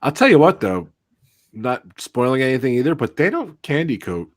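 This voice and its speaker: A man co-hosting a casual live chat show, telling enthusiastic stories in an animated way. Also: mid-range voice, normal speed, no echo, clean studio sound. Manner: excited, animated storyteller. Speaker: podcast co-host.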